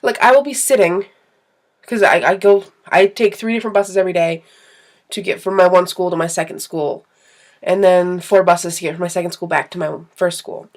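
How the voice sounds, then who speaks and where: A young woman vlogging to camera, telling rambling, self-deprecating stories about her own quirks in a casual, animated way. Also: on the low side, brisk.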